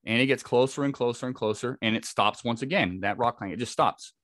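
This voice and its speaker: A man's voice: medium pitch, brisk, fairly bright tone, no room sound. A man, a podcast guest, telling a vivid first-person encounter story with frequent restarts. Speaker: podcast guest, Bigfoot researcher.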